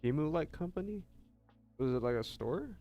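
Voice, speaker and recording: Lively-voiced man cracking dry quips. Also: on the high side, moderate pace, lo-fi sound, soft background music. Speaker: livestream co-host. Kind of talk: casual livestream chat.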